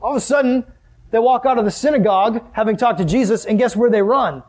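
A young man preaching a sermon as a youth pastor, animated, acting out scenes and asking the audience questions. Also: extremely high pitch, quick pace. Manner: animated, acts out scenes with sudden exclamations and laughs.

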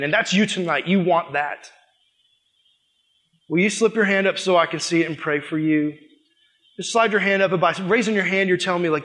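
High-voiced man preaching a story-driven sermon. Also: fairly quick. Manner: animated storytelling, acting out dialogue. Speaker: youth pastor.

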